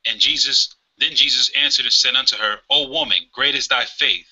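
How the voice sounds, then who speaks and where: A man reading scripture aloud in a plain, measured way during a lecture. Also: mid-range voice, pushed and bright. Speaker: scripture reader. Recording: dull lo-fi remote mic.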